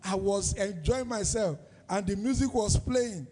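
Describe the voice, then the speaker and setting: A man's voice: sits high, measured pace, dark tone, long reverb tail. A man with a Nigerian accent preaching a sermon as pastor, in a sing-song style that throws questions out to the congregation. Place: church service.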